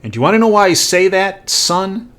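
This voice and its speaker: A man's voice: high voice, big pitch swings, a little fast, a bit bright, pitched above the performer's own voice. A man quoting a blunt older mayor lecturing. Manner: emphatic, lecturing.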